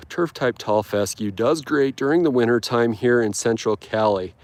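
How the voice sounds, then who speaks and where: A man's voice: medium pitch, a little slow, no room sound. Rambling man chatting on a live stream. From Utah. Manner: rambling, upbeat, frequent ums and restarts. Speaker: lawn care livestreamer. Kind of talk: casual live stream chat. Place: outdoors on his lawn. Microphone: handheld phone camera.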